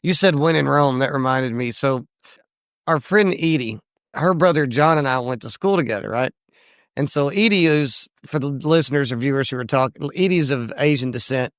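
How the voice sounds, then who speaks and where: A man with a gravelly, fry-laden voice chats and tells stories on a podcast, mock-offended when teased. The sound is dry and close. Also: mid-range voice, no echo. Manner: chatty, quick to take offense in jest. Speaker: podcast co-host. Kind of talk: casual chat, storytelling.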